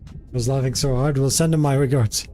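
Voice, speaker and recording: A man's voice: mid-range voice, fairly even intonation, a little fast, warm tone, soft background music. A man from Jordan, chatting casually and greeting viewers by name as a game streamer. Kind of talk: casual live-stream chat.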